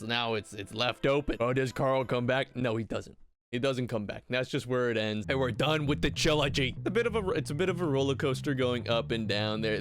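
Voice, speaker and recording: A man's voice: mid-range voice, fairly bright tone. A man recapping a TV episode for a video in a casual, mocking, irreverent way. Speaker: YouTube commentator.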